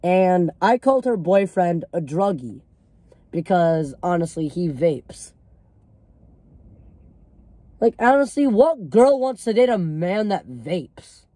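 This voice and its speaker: Teen boy vlogger, warm mellow tone, dry close sound, rambling and swearing. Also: sits high, sing-song, takes it slowly, pauses often, dry recording. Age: teenager. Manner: rambling, filler-heavy, swears freely. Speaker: storyteller. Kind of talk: casual storytime vlog.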